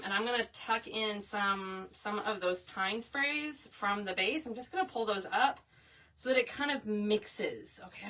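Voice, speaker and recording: Lady in her 30s chatting away while she crafts, bright forceful voice, bit far off the mic. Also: medium pitch. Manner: chatty, addresses viewers as y'all, frequent "okay?". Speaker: craft video host.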